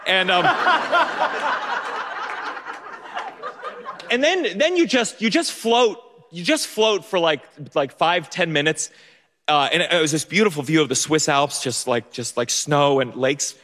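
A man's voice: high-pitched, expressive, slow, long pauses, bright, forceful tone. A young man telling a personal story on stage, nervous and self-mocking, with many restarts and laughs. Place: stage before an audience. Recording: long stage reverb.

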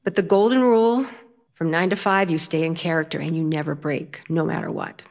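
An older woman, a self-taught storyteller, telling a personal story in a lively, humorous way, her pitch jumping up for punchlines. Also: a little fast. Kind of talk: personal story told to an audience.

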